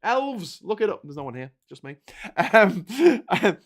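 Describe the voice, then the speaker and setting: Sarcastic man, slightly high voice. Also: very animated, fairly bright tone. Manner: sarcastic, rambling, quick to laugh. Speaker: host. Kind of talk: casual livestream commentary on the papers.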